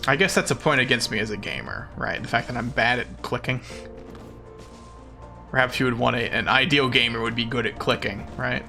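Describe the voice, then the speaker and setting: A man's voice: medium pitch, a little fast, gravelly, pushed and bright, soft background music. A man streaming a game as a VTuber, chatting casually with his viewers in a playful, self-mocking, jokey way.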